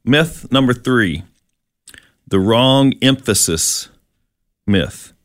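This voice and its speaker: A man's voice: mid-range voice, lively intonation, drawn-out words, dry recording, clean studio sound. A man co-hosting a casual Bible teaching chat, explaining verses with plenty of fillers and restarts. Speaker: co-host.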